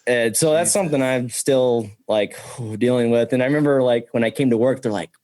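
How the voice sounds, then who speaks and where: An excitable young man spins stories on a casual podcast, swearing freely and acting out the voices of the people in them. His pitch sits in an ordinary middle range. The sound is close and dry, with no room echo. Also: fast. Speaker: podcast guest.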